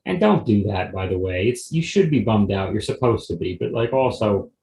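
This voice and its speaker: A man's voice: lowish voice, lively intonation, moderate pace, darkish tone. A young adult man hosting a comedy podcast solo, talking in a rambling, digressive and offhand way. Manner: rambling, digressive, with frequent restarts; wry and offhand. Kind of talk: casual solo podcast monologue. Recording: roomy echo.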